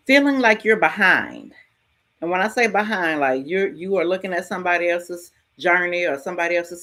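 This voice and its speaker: Frank, casual middle-aged woman host. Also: medium pitch. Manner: frank, casual, lively storytelling with mild swearing. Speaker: podcast host. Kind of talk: candid motivational talk.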